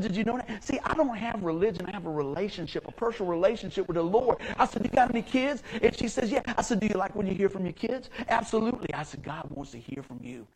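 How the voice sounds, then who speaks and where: A middle-aged pastor delivers a sermon in a fairly high voice. He talks in a folksy, storytelling way and swings between soft, confiding asides and loud, excited outbursts. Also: low-quality recording.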